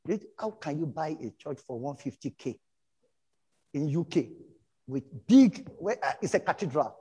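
A middle-aged man from Nigeria with a Nigerian English accent, preaching a sermon and telling stories from his own life, animated and breaking into shouts. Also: on the high side, normal speed, husky, low-quality recording. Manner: animated storytelling, bursts into shouts. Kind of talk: sermon with personal testimony.

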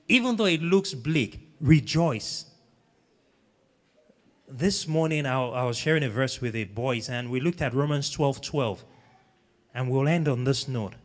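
A man's voice: fairly high pitch, in a large hall. Earnest male preacher exhorting a congregation. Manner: earnest exhortation, repeating phrases, sings snatches of a hymn. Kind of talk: sermon.

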